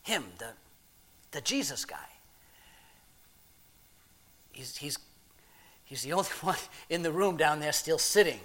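Brief: a man as a plain-spoken, married blue-collar guy in a stage monologue; halting, rough-grammared, swinging between murmurs and excited outbursts. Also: on the high side. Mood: awed, tender. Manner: swings from hushed murmur to loud excited telling. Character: plain-spoken married working man, gruff but tender-hearted. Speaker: monologue performer. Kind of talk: dramatic first-person monologue.

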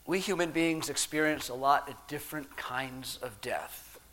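A man preaching a sermon as pastor, measured and deliberate, with long pauses, dropping soft and then rising loud. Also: medium pitch.

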